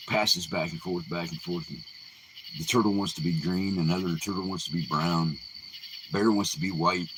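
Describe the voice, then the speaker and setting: A man casually retelling folk tales in an unhurried, folksy way, full of fillers and restarts. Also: low-pitched, background noise. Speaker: live Q&A host. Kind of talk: casual oral storytelling.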